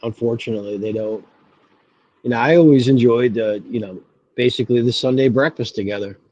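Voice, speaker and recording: A man's voice: medium pitch, a little fast, a little mellow, no room sound, highs cut off. A man co-hosting a podcast, talking in a laid-back, slangy way and calling his friend dude. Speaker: podcast co-host. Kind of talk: casual chat.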